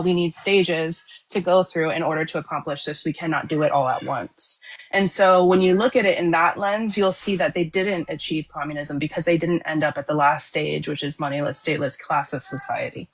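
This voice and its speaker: A woman's voice: lowish voice, a little fast, slight background noise. A woman in a casual online political discussion, explaining her views in a self-assured way. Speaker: debate participant.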